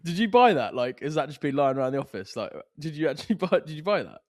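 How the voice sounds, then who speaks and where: A man co-hosting a podcast in casual banter, laddish and quick to laugh, swearing and calling people mate. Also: medium pitch, animated, no echo, studio quality. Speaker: podcast co-host. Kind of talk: casual banter among friends.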